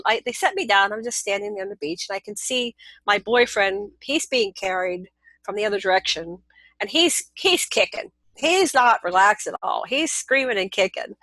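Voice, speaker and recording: An older woman telling a long personal story as an interview guest, lively and animated with laughs, restarts and quick asides. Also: medium pitch, dry recording, rough recording. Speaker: interview guest recounting experiences.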